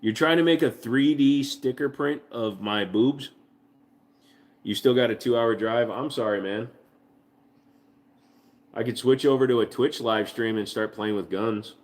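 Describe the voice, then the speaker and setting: A man's voice: mid-range voice, measured pace, long pauses. A man hosting a casual livestream from home, joking with profanity and cooing baby talk to his dog. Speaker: livestream host.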